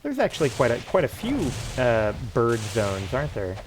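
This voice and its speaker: A man's voice: medium pitch, huge pitch swings, normal speed, noisy background. A man streaming a game and joking around in casual commentary. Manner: playful, jokey asides.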